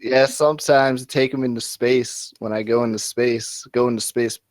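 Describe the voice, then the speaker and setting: A man's voice: medium pitch, steady tone, moderate pace, no room sound. A man playing an improv card game with friends, rambling in a dopey, laid-back way. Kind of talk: joking improv chat over a voice call.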